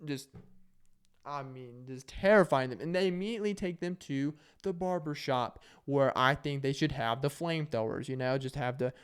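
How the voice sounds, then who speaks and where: A man's voice: mid-range voice, moderate pace, few pauses, clear, resonant tone. A young man telling stories in a casual, rambling and jokey monologue. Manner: rambling, jokey, acts out quotes in shouted voices. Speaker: vlogger.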